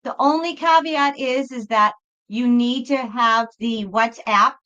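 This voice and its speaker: A woman's voice: a little high, measured pace, sharp tone, highs cut off. A woman who reads tarot, hosting a live stream and chatting in a rambling way, often breaking off and starting her sentences again. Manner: rambling, chatty, self-interrupting. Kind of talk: casual live-stream chat.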